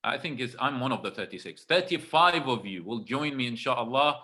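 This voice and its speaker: This webinar speaker has a mid-range voice with lively intonation and a sharp tone, speaking at a normal speed during a religious talk on a video call. He's emphatic, repeats himself and asks the audience "right?"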